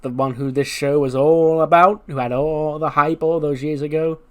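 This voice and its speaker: A man voicing a self-important, scheming female wrestler in a grandiose, measured manner. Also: a little high, steady tone, lightly acted. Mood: scornful.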